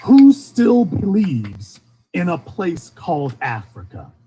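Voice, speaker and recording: A commentator from Shreveport, Louisiana, speaks slowly in a high, warm voice with wildly swooping pitch and a faint Southern accent, with slight background noise behind him. His impassioned streamed monologue leans on repeated rhetorical questions and rising and falling emphasis.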